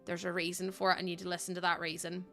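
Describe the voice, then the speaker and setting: A woman's voice: fairly low pitch, monotone, rapid-fire, a bit bright. Giggly chatty young woman streamer. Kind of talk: casual chat while gaming. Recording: music playing behind.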